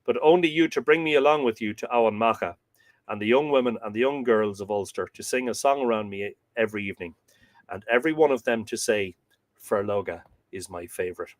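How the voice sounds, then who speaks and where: A man's voice: on the low side, fairly quick, no room sound, lightly acted. A man voicing a wily male charioteer who bargains slyly with a king in a myth reading. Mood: coaxing.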